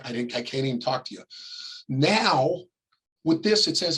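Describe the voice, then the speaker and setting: A middle-aged man from California teaching a class, talking casually and acting out quick examples, often coughing and clearing his throat. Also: fairly high pitch, animated, fairly bright tone, rough recording. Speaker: real estate ethics instructor. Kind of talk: classroom lecture.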